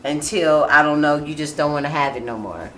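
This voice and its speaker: A woman hosting a casual talk show, chatting openly and breaking into loud laughter. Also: low voice, a little fast. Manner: laughs often, loud bursts of excitement. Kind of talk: casual chat. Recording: echoey room with faint noise.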